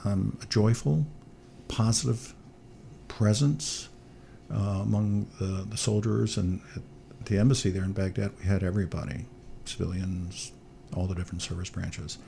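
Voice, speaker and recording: Interview guest: male military chaplain, gravelly and mellow, upbeat anecdotes. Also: fairly low pitch, normal speed, slight background noise. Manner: animated storyteller, upbeat. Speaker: chancellor of military archdiocese.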